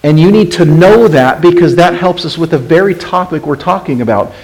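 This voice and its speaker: A male pastor preaching to his congregation with a fairly high voice. He drops to soft, low stretches and then rises to insistent, urgent appeals, often putting questions straight to the listeners. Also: lively intonation, brisk, rough recording. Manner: questions the congregation, swings from hushed to emphatic. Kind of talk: sermon.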